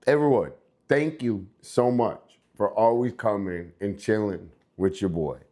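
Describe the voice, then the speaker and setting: A young American man runs a relaxed, rambling livestream in a warm voice on the low side at a measured pace. Occasionally he breaks into hyped, sing-song bits.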